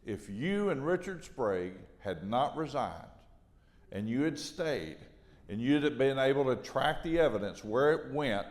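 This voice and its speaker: A man asking an interview question, halting and rephrasing as he goes. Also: medium pitch, animated, big-room sound.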